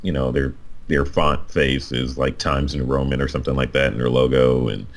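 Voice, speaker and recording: Man, deep voice, animated, self-mocking, lots of fillers, casual chat. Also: normal speed. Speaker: co-host, designer and painter.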